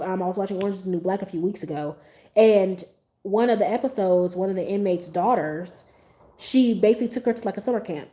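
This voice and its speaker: A young adult woman hosting a podcast, talking in a casual, blunt and animated way and swearing freely. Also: medium pitch. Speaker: podcast host. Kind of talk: casual opinion monologue.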